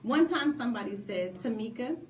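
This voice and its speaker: Woman co-host, lively and preachy, somewhat high voice, echoey room. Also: a little fast, a little hiss or hum. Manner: lively, preachy, laughing asides. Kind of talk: casual radio talk. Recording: echoey room from a distant mic.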